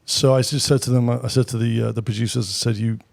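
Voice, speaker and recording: Gravelly British man telling stories. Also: medium pitch, level tone, a little mellow. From Britain. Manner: anecdotal, quick asides, swears casually. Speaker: guest, former military pilot. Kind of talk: casual storytelling.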